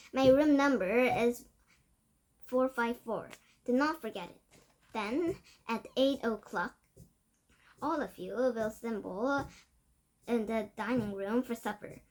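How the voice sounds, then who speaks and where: A woman reading aloud, voicing a stern, domineering female witch leader who barks orders at her followers. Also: fairly high pitch. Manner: commanding, barking orders. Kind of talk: storybook reading.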